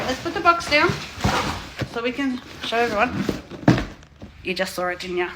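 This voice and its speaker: A woman in her thirties from Australia, casually unboxing on her vlog, excitable and gushing, swearing freely. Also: fairly high pitch, unhurried, pauses often, background noise. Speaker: vlogger.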